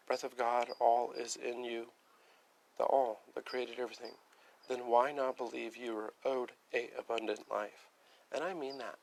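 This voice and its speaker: A man's voice: mid-range voice, creaky. A young man rambling on a casual livestream, part spiritual preaching, part chatting with viewers. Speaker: livestream host.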